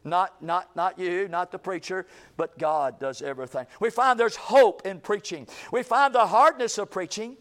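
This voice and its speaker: Fiery high-voiced preacher. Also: male voice, normal speed, hardly any pauses. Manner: fiery, swings between loud shouting and hushed low lines. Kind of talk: revival sermon.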